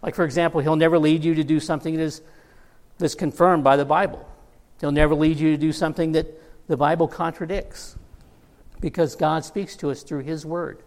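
A man's voice: fairly high pitch, a little fast. A middle-aged man preaching a sermon, telling a Bible story with humor and acting out the characters' lines. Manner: storytelling with humor, quoting characters in lively voices. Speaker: pastor. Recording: long hall reverb.

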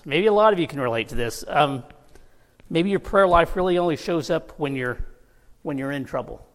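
A man preaching a sermon, telling a personal story with laughs and easy asides. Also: fairly high pitch. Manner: storytelling, laughing through anecdotes. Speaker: pastor. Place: church sanctuary. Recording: long reverb of a church hall.

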